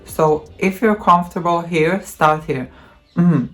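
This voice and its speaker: Slow-talking woman coaching voice drills. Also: low voice, steady tone, soft background music. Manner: slow, demonstrative, with hums and counting. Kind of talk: voice training tutorial.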